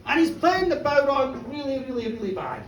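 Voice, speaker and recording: A woman storyteller at a live pub show, chatty and lively, often checking in with her listeners. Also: high voice, fairly quick. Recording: roomy pub from far off.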